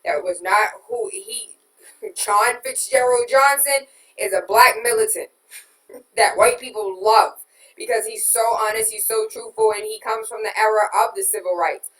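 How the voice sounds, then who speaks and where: A woman hosting a radio talk show, reading out listener comments and venting in an exasperated, emphatic way that swings from loud outrage to quiet disbelief. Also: fairly high pitch, moderate pace. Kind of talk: casual political talk. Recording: roomy and distant from the mic.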